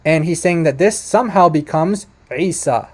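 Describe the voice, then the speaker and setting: A man's voice: fairly high pitch, normal speed. A man giving casual, emphatic commentary while reacting to a video, often correcting himself and talking to his viewers.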